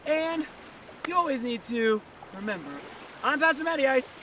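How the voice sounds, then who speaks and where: Brief: high-pitched male pastor, lively beach sermon, distant mic, loud surf behind. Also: normal speed, slight background noise. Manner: energetic, asks many rhetorical questions. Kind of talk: outdoor sermon. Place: outdoors on a beach.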